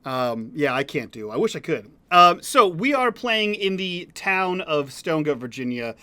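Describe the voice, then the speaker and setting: An upbeat man opens a streamed tabletop game as its game master. His voice is bright and forceful and sits a little high, and he rambles through his intro with lots of fillers. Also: sing-song, normal speed.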